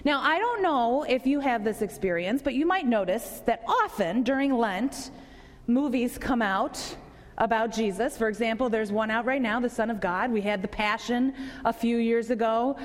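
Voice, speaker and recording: A woman's voice: a little high, moderate pace, big-room sound. A woman pastor giving a conversational sermon to a congregation, asking them questions.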